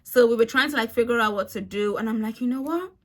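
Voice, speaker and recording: A young woman telling a storytime vlog in a chatty, animated way, swearing freely. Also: on the high side, quick pace. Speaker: vlogger. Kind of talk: casual storytime.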